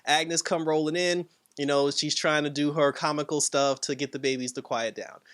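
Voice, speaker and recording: A man's voice: steady tone, moderate pace, a bit bright, clear, resonant tone. A man casually reviewing a TV episode, laughing often and acting out characters' lines. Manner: laughing, filler-heavy, acts out quotes in a high voice. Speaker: show reviewer.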